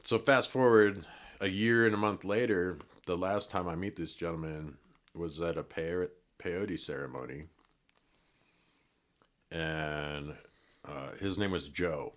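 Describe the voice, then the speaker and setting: A middle-aged man from Colorado with an extremely deep, low voice. He tells his story casually as a podcast guest, rambling along with fillers and restarts. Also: takes it slowly, fairly bright tone.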